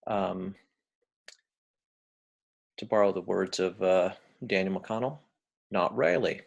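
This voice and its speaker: Low, creaky-voiced American man lecturing. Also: takes it slowly, dull audio. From United States. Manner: relaxed, hesitant, many ums and uhs. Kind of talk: recorded lecture on accents.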